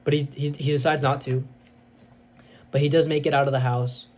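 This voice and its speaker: A man reviewing a movie, retelling the plot in a casual, excitable, rambling way with many fillers. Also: a little high, normal speed.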